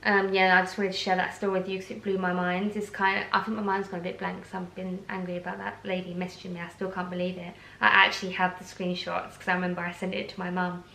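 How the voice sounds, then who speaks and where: A woman's voice: lowish voice, level tone, quick pace, vocal fry, few pauses, bright, forceful tone, slight background noise. Chatty Essex woman ranting to camera. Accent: Essex English. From Essex, England. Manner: chatty, indignant, lots of fillers. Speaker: blogger. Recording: roomy echo.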